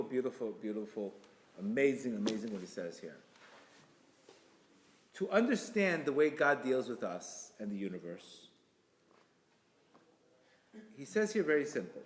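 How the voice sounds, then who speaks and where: A man giving an inspirational religious talk, emphatic and repetitive, with sudden loud bursts. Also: medium pitch. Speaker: Torah teacher. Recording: echoey hall reverb.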